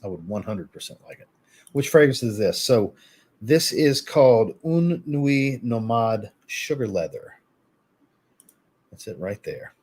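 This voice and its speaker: A man hosting a fragrance live stream, reviewing scents in relaxed, chatty talk and answering viewers' chat. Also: mid-range voice, measured pace, breathy edge.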